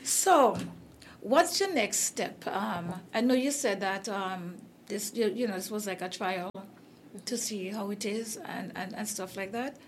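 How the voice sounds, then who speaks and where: A slightly slow, medium-pitched woman with a Caribbean accent hosts a casual interview conversation with a bit of hiss or hum behind her. She's losing her voice, and her rambling talk is full of fillers and false starts.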